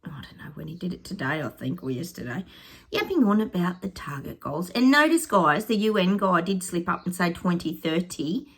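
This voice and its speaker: Woman, casual vlog chat, sarcastic, husky. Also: on the low side, very animated, normal speed. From Australia. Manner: chatty, sarcastic, laughs often. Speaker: psychic vlogger.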